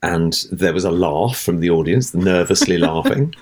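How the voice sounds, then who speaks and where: Deep-voiced and moderately paced, a middle-aged actor shares a long anecdote about the theater while being interviewed. His telling is animated, and he acts out the voices of those in the story.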